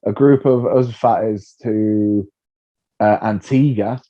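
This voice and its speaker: A man, a comedian being interviewed, telling stories in a lively way, acting out what people said and laughing often. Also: fairly low pitch, slow. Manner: animated storyteller, acts out voices, laughs often. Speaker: comedian guest. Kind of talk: casual interview chat. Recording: dull lo-fi sound.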